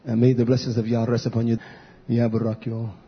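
Husky fiery preacher man, dull audio. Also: monotone. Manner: chanting, drawn-out cries, swings from shouts to low murmurs. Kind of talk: fiery sermon on a live stream.

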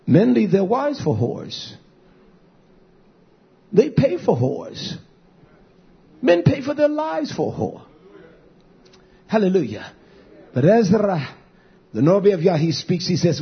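A man preaching a fiery sermon as pastor, swinging between shouts and low murmurs. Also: sing-song, unhurried, gravelly, pauses often, husky. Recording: dull lo-fi recording.

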